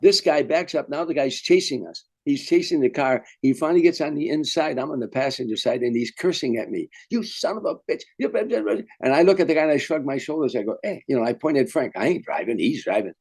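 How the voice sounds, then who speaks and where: An older man, a veteran comedian, telling lively anecdotes in an interview and acting out the voices of people in his stories. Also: a little high, fast, hardly any pauses. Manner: animated storyteller, acts out quotes. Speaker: guest comedian. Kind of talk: storytelling interview.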